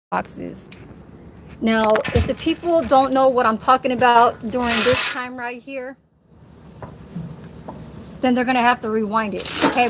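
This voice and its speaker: High-voiced woman ranting on a live stream. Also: a little hiss or hum. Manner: profane, combative, addresses viewer directly. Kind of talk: angry live-stream rant.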